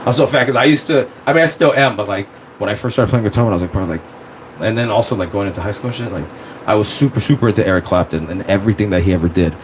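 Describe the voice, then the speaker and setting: A man hosting a casual livestream, talking into his phone in a rambling, excitable way with plenty of swearing. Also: on the low side, racing, slight background noise, low-quality recording. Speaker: streamer.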